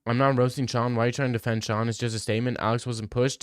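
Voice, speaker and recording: A man's voice: mid-range voice, steady tone, fast, few pauses, smooth, no echo, studio quality. A man hosting a casual livestream Q&A, arguing bluntly with chat and swearing freely. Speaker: livestream host answering chat.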